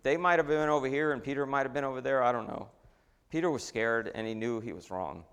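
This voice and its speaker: Man, mid-pitched pastor, casual and animated sermon delivery, long church reverb. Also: quick pace, smooth. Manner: conversational, animated preaching with restarts. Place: church sanctuary.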